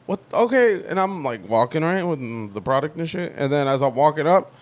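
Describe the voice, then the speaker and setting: A man's voice: mid-range voice, brisk. A young man on a podcast, telling a story in casual chat, swearing and acting out the voices of the people in it. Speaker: podcast co-host.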